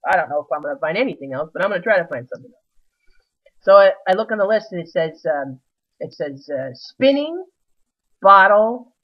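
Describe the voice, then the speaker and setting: A woman's voice: mid-range voice, dull audio. A woman telling a rambling, self-mocking comic story with many restarts.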